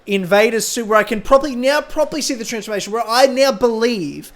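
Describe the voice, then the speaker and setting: High-voiced excitable podcast man. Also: fast talker. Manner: excitable, gushing, many restarts. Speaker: podcast co-host. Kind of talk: casual fan review chat.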